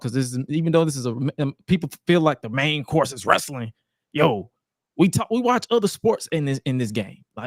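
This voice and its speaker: A man's voice: medium pitch, dry recording, clean studio sound. A man hosting a wrestling and sports podcast live, talking in a laid-back, slangy way and calling out to his listeners. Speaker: podcast host. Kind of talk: casual sports podcast chat.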